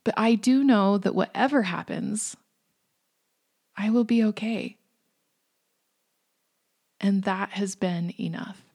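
A woman in her thirties giving a reflective devotional talk in a gentle, earnest way, sometimes dropping to a hush. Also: mid-range voice, takes it slowly, creaky, pauses often. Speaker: faith speaker.

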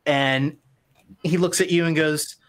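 A woman narrating a tabletop role-playing game as game master, in a relaxed, meandering way with frequent fillers. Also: low voice, measured pace.

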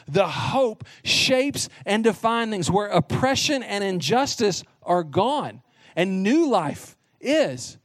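High-voiced earnest male preacher. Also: dry recording, studio quality. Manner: earnest, emphatic preaching with short repeated phrases. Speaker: pastor. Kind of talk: sermon.

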